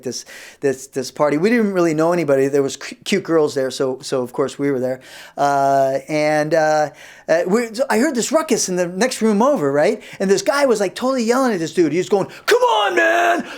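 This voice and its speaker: A man in his fifties hosting a comedy show, telling rambling stand-up stories about high school. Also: a little mellow. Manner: rambling, self-interrupting. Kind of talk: stand-up storytelling.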